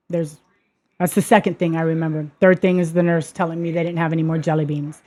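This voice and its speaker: A woman with a low, slightly mellow voice talks fast in a level tone. The host of her own podcast, she shares a personal story as a testimony monologue that shifts from earnest to emphatic and heated.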